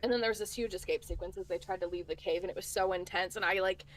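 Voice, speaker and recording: A woman's voice: on the low side, fairly even intonation, quick pace. A woman co-hosting a casual book chat, rambling with fillers and restarts as she recaps a story. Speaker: book channel co-host.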